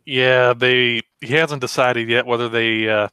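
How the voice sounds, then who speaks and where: A man chatting casually on a live viewer show, telling a rambling deadpan joke story. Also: mid-range voice, unhurried, clear, resonant tone, no room sound, clean studio sound. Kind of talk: casual joking chat.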